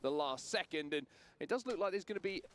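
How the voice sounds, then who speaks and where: A man casting an esports match with energetic, rising emphasis. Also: high-pitched, fairly quick. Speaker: esports caster. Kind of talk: play-by-play esports commentary.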